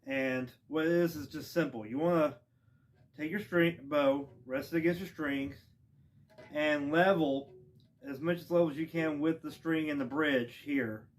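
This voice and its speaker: A man giving a casual instrument lesson outdoors, relaxed and rambling with plenty of ums and restarts. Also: a little high, a little slow. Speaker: music teacher. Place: outdoors with wind. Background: bowed string instrument playing.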